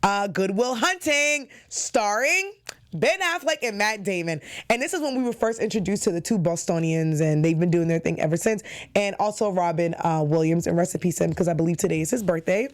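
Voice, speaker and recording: A woman's voice: lowish voice, quick pace, a little mellow. A woman hosting a TV recap show in a casual, chatty and enthusiastic way, with frequent fillers. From New York.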